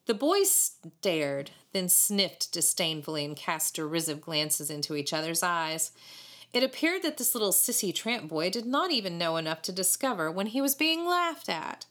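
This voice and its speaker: A woman reading a storybook aloud in an expressive, animated way. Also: fairly low pitch, normal speed. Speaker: audiobook reader. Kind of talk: storybook narration.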